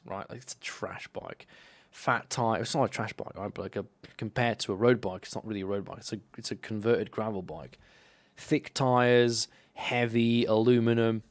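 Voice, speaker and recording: A young man from Slovenia telling rambling, profane stories in a casual live stream. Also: fairly low pitch. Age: young adult. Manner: rambling, profane, animated anecdotes.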